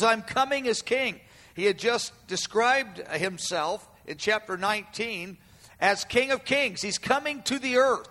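A man preaching a sermon to a room, emphatic, repeating his phrases and stretching quoted cries out loud and slow. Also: high voice. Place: room with an audience. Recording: long hall reverb.

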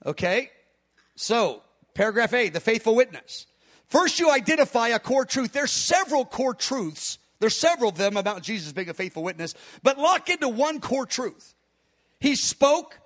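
A man preaching and teaching on prayer, a fast, hard talker who speaks emphatically and breaks into quick laughs. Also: extremely high pitch, sing-song, fairly bright tone. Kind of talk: sermon-style teaching.

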